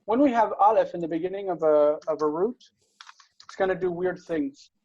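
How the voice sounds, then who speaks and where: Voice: medium pitch, lively intonation, moderate pace, warm tone. Patient online Hebrew teacher, muffled call. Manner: patient, explains with many fillers and restarts. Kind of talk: online grammar lesson. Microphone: video call. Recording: muffled video call audio.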